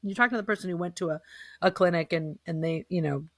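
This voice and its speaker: A middle-aged woman, telling her own story in an earnest, animated way as a guest. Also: lowish voice, quick pace, no echo. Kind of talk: casual chat.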